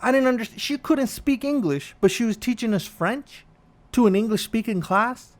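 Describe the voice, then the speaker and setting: A man's voice: very high-pitched, animated, moderate pace. A man hosting a podcast, delivering a profane, ranting comedic monologue. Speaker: podcast host.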